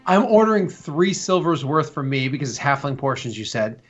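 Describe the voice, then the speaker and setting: A man from the United States taking part in a tabletop game, joking and eager as he pushes his character's plans. His voice sits a little high, with soft music in the background. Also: big pitch swings, moderate pace, lo-fi sound. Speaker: player. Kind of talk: casual tabletop play.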